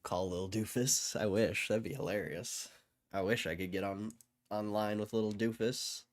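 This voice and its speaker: A man's voice: fairly low pitch, steady tone, a little slow. A man hosting a livestream, rambling and joking crudely while bored and waiting. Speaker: livestream host. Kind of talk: casual livestream chat.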